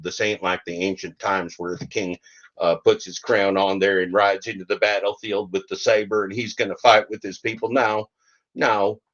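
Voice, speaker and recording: A man's voice: deep voice, muffled recording. A man hosting a podcast, giving rambling, sardonic commentary and often repeating himself. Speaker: podcast host.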